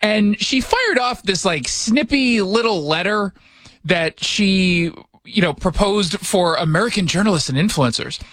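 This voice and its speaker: In his studio, a middle-aged radio talk show host chats casually about politics, tossing out sarcastic jokes and rhetorical questions. His voice is high-pitched, expressive, a bit bright, and measured in pace, recorded on a studio mic with no echo.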